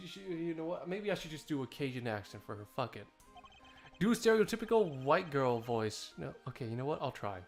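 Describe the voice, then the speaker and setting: Profane, animated let's-play guy. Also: on the high side, fairly quick, soft background music. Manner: loose, profane and self-mocking. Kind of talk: casual gameplay commentary.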